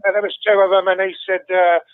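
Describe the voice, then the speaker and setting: A man calls in to a football phone-in and chats loosely, cursing constantly and laughing as he goes. His voice sits high. It comes through a thin, tinny phone line with a dry, close sound. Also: little pitch movement, fast talker, smooth, no room sound. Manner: swears constantly, laughs easily, rambling. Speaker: caller. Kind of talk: casual phone-in chat.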